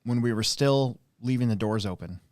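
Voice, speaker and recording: On a casual live stream, a man who hosts and runs an RC track tells long, rambling racing stories full of fillers and restarts. His mid-range voice is a little mellow and moves at a moderate pace, recorded studio-clean with no echo.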